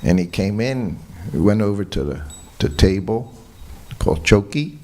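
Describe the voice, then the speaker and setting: A man's voice: fairly low pitch, lively intonation, normal speed, warm tone. An older man giving a morning class at a temple, telling personal stories in a reminiscing, chuckling way. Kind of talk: anecdotal temple lecture. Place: temple hall.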